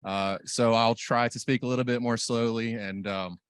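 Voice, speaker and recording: A man's voice: mid-range voice, steady tone, moderate pace, clean tone, no room sound, studio quality. A man in his thirties with a Southern US accent, speaking as a panelist in a conversational way, with many fillers and restarts. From southeastern United States. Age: 30s. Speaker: tribal government official, panelist. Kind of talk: panel talk.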